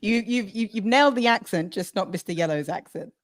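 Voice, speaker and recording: A woman's voice: mid-range voice, a little fast. A woman co-hosting a podcast in casual, chatty talk. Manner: chatty, restarts, laughs easily. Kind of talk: casual chat.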